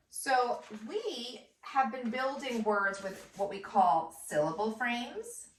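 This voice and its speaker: A woman's voice: mid-range voice, far from the mic, slight background noise. A first grade teacher, a woman, giving a patient phonics lesson and sounding out words syllable by syllable. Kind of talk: slow phonics lesson for children. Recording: echoey room, voice off-mic.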